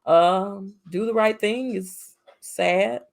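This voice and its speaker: A woman co-hosting a casual movie podcast, telling animated stories with frequent laughs and lots of fillers. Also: medium pitch, takes it slowly, creaky. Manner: animated storyteller, laughs often, many "you know" fillers. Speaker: podcast co-host. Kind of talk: casual chat.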